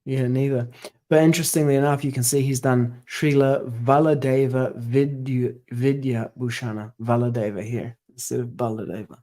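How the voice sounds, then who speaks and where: A man reading a scripture commentary aloud, then talking casually through edits and pronunciations, pausing to check words. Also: medium pitch, fairly even intonation, dark tone. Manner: careful, pauses to check wording and pronunciation. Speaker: scripture reader and editor.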